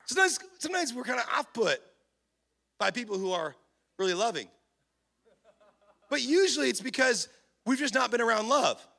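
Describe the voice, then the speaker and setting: A man preaching a sermon in a church, animated, acting out little scenes and shouting for emphasis. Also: very high voice, moderate pace, vocal fry, pauses often. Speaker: pastor.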